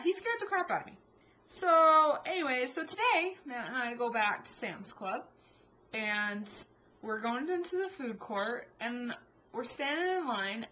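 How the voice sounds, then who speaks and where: A young adult woman telling a story in a casual vlog, animated and exasperated. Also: sits high, lo-fi sound. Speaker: vlogger.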